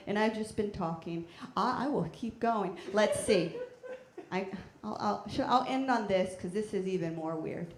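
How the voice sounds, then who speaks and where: A woman performing a stand-up comedy set on a theater stage with a handheld mic, talking in a deadpan, chatty way with bursts of loud shouting. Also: medium pitch, normal speed. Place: theater stage before a live audience. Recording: echoey theater with faint noise.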